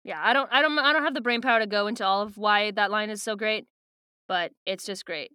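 A young woman co-hosting a podcast, casually recapping a book and reading passages aloud in an animated way. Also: medium pitch, brisk, smooth, no room sound, studio quality. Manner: animated, swears casually, slips into dramatic quoted voices. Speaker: podcast co-host.

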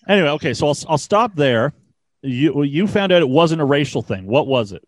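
A man's voice: a little high, normal speed, no echo. A man hosting a podcast, casually telling a road-trip story, swearing often and acting out the dialogue. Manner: animated, swears freely, acts out dialogue. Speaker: podcast host.

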